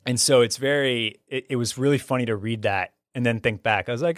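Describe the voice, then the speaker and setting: A talkative man in casual conversation, eager and quick to jump between thoughts, often restarting his phrases. His voice sits at an ordinary middle pitch. The sound is close and dry, with no room around it. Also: no echo. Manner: enthusiastic, talkative, frequent restarts. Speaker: podcast host reviewing a film. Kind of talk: casual chat.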